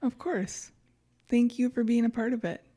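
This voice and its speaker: A woman's voice: a little high, steady tone, normal speed, warm tone. A woman co-hosting a podcast, chiming in with short, teasing replies. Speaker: podcast co-host. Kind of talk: casual podcast chat.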